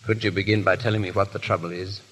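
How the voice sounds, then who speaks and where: A man's voice: lowish voice, steady tone, fast, a bit bright, a little hiss or hum, close to an everyday voice. An actor playing a vain, foppish nobleman with a languid, stammering drawl in a 1930s radio drama. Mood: wry.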